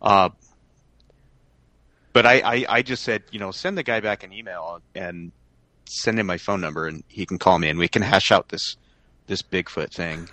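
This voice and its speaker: Low-voiced guy joking around on a podcast, dry close sound. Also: normal speed, long pauses, pushed and bright, dry recording. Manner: joking and laid-back. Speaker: podcast co-host. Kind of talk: casual chat.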